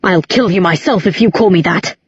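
A woman's voice: fairly low pitch, a little fast, husky, no room sound. A woman voicing a fierce, defensive young man in an audiobook, clipped and intense. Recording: dull, muffled recording.

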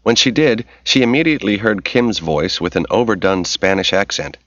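A man narrating an audiobook in a steady, measured reading voice. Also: fairly low pitch, no room sound. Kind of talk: scripted narration. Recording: dull lo-fi recording.

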